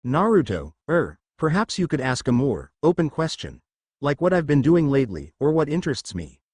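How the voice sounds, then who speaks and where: A man's voice: on the high side, huge pitch swings, moderate pace, a little mellow, slightly rough, no room sound, studio quality, full character voice. A man reading the lines of a flustered older woman who leads a village, giving coaxing, instructive advice in a fan fiction story.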